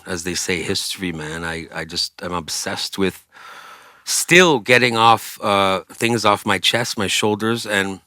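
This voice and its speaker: Rock singer guy rambling thru old stories, cusses a lot, low voice, super dry sound. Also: no echo. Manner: rambling, swears often, lively. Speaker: interview guest, rock singer. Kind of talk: casual storytelling.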